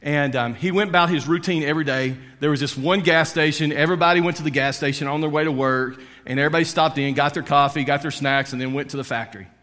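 A man preaching in a relaxed, conversational way, telling a story with frequent "uh"s and "and, um"s. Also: fairly high pitch, fast talker, few pauses, big-room sound. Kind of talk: storytelling sermon.

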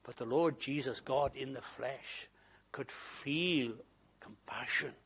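A man preaching an emotional sermon who swings from raised emphasis to hushed whispers. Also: medium pitch, slow, slightly rough.

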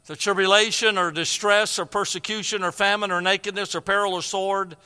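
A man's voice: high voice, fairly even intonation, a little fast, pushed and bright, clean tone, big-room sound. An older man preaching a sermon, telling a personal story with emotion and repeated phrases.

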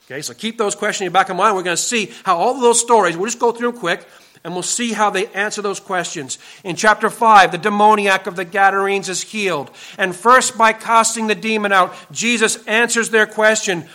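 A male pastor delivers an earnest sermon in a church, pressing his points with repeated, emphatic warnings. His voice sits high for a man and rings bright and forceful. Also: fairly quick.

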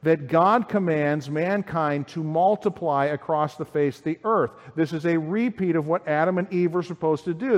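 Man preaching in a reverberant hall. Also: high voice. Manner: measured, explanatory, reads scripture aloud. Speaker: pastor. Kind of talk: sermon.

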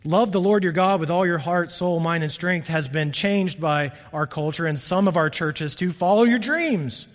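A middle-aged man preaching a sermon earnestly, often dropping to soft, emphatic lows. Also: steady tone, moderate pace, hardly any pauses. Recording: long reverb of a church hall.

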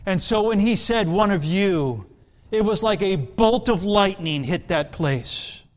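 A man preaching a sermon in an earnest, deliberate way, with dramatic pauses. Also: sits high, animated.

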